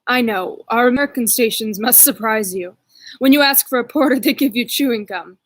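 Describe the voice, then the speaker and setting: A woman reading the part of a curious, kindly gentleman who insists on helping a stranger. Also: on the high side, brisk, close to an everyday voice. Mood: insistent.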